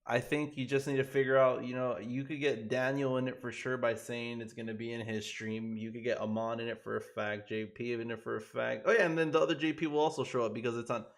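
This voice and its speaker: A man's voice: medium pitch, fairly even intonation, fast, gravelly, few pauses. A young man co-hosting a live stream, chatting casually in a laid-back, slangy way.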